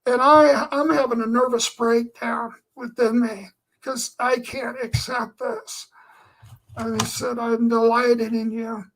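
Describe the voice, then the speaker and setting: A man's voice: very high-pitched, flat delivery, takes it slowly, creaky, a bit bright, low-quality recording. A man giving an earnest personal testimony, telling his story in a meandering way with lots of filler phrases. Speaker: Christian speaker.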